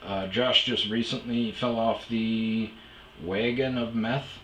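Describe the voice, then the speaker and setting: A man's voice: lowish voice, fairly even intonation, a little slow, fairly bright tone, roomy sound, slight background noise, poor audio. A man casually telling rambling, profane stories as a podcast host, full of fillers and asides. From Omaha area. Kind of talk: casual storytelling monologue.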